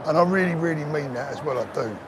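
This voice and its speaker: A man's voice: fairly high pitch, fast, noisy background. An older man hosting a live stream, chatting earnestly and emotionally with viewers and calling them mate. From England. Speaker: livestream host. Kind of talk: live-stream chat reading viewer comments. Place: outdoors on a town street.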